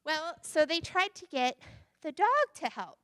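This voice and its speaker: A woman's voice: high-pitched, animated, measured pace, a bit bright, no echo, studio quality. A woman minister telling a playful children's story during a church service. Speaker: interim minister. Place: church sanctuary.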